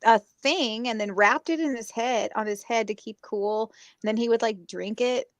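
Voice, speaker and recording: A woman podcast co-host chatting casually, animated and quick to giggle. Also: on the high side, dry recording. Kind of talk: casual chat.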